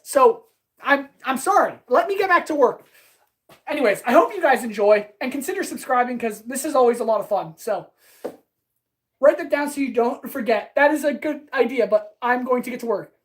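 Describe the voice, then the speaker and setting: A woman blacksmith chatting fast and eagerly with her live-stream audience while she works in her workshop. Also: fairly high pitch, rough recording. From Canada. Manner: chatty, talks fast, answers chat eagerly. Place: workshop with power tools.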